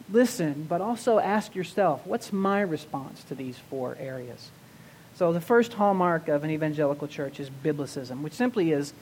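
A male pastor teaching a sermon, restarting and repeating words as he goes, slowing down to stress key terms. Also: on the high side, darkish tone, a little hiss or hum.

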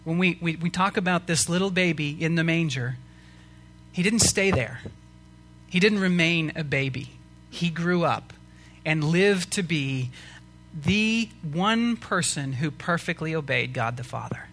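A man's voice: on the high side, measured pace, fairly bright tone. A man preaching a sermon as pastor, earnest and rising to emphatic questions to the congregation.

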